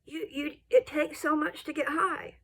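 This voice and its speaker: An older woman ranting bluntly to her viewers, scolding and rambling, with her voice jumping up into high indignant peaks. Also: fairly even intonation, a little slow. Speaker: vlogger. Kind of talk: casual rant to camera.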